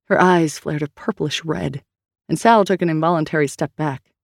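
Woman reading an audiobook, steady storytelling, dead dry booth sound. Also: low voice, moderate pace, vocal fry, no room sound. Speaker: audiobook narrator. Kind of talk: scripted narration.

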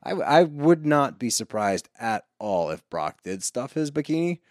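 A man's voice: mid-range voice, very animated, moderate pace, no echo, clean studio sound. A man co-hosting a podcast, chatting casually, agreeable and joking along. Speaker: podcast co-host. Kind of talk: casual recap chat.

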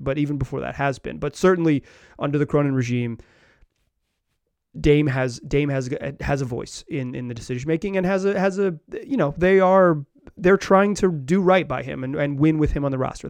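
A man's voice: medium pitch, darkish tone, dry recording. A man hosting a sports podcast, talking loosely with many restarts and fillers. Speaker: podcast host. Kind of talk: casual sports commentary.

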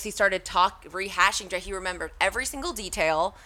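A woman's voice: medium pitch, brisk. A woman co-hosting a podcast, telling a story in casual chat, laughing often and acting out the people she quotes. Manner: animated, laughing, acts out quotes. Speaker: podcast co-host.

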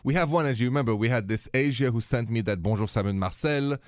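A man with a French accent, co-hosting a radio talk show in a studio. His pitch sits in an ordinary middle range. His manner is chatty and easygoing, and the sound is dry and close to the mic. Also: quick pace, dry recording. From France. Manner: chatty, easygoing, reads listener emails aloud. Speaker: radio co-host.

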